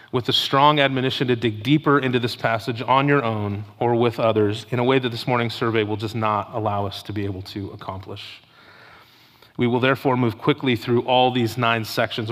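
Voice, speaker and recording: A man preaching a sermon in a church sanctuary, his voice bright and forceful. He delivers it emphatically, leaning hard into the key phrases. Long reverb from the hall rings behind every sentence. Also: medium pitch. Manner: emphatic preaching with Scripture read aloud. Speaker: pastor. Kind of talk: expository sermon.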